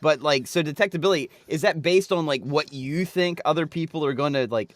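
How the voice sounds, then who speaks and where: A man's voice: fairly high pitch, brisk, no echo. Quizzical joking male podcast co-host. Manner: questioning, joking asides. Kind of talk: casual podcast chat.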